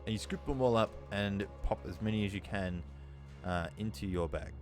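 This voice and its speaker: Lowish guy dm-ing, slow and descriptive, lots of ums, music playing behind. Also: darkish tone. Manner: unhurried, descriptive, with frequent ums. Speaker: dungeon master. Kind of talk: narrating a tabletop game.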